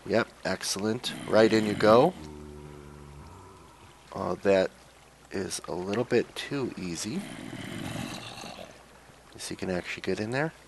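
A young man with a gravelly, low voice talks through a game in a loose, joking commentary, coaxing and cajoling the characters. A faint hiss sits under the recording. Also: measured pace, long pauses. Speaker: let's play gamer. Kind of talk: casual gameplay commentary.

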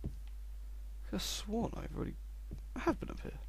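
A young man giving sarcastic gameplay commentary and shouting insults at the game. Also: fairly quick, slight background noise. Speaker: let's play host.

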